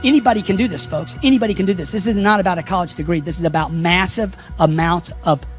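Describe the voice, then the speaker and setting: A man's voice: high-pitched, fast, soft background music. A man giving a punchy motivational speech, firing rhetorical questions at his audience. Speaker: motivational speaker.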